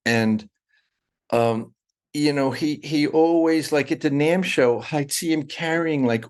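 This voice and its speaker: A man's voice: on the high side, slow. A middle-aged man talking as a guest in a casual interview, rambling and restarting his sentences often. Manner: rambling, with many restarts and fillers.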